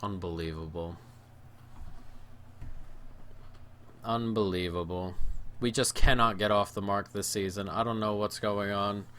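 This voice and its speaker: A man giving live play-by-play of his own football video game match, moving between excited shouts at goals and low, gloomy muttering at mistakes. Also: normal speed, a little hiss or hum. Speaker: gaming YouTuber.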